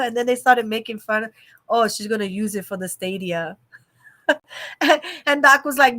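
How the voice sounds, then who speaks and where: Bright-voiced woman telling an animated story. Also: mid-range voice, normal speed, a little hiss or hum. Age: adult mother of a young child. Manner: animated storytelling, exclaiming and laughing. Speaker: livestream host. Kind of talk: casual chat on a livestream. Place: at home.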